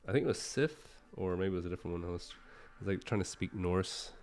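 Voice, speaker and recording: A man's voice: low-pitched, lively intonation, fast talker, a little mellow. A man livestreaming while he sketches, rambling casually with lots of fillers and self-deprecating asides.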